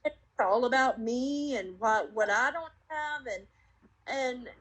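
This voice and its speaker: A woman's voice: a little high, slow, fairly bright tone, rough recording. Earnest woman telling her testimony. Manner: earnest, reflective storytelling with many fillers. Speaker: guest sharing her testimony. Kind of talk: personal testimony interview.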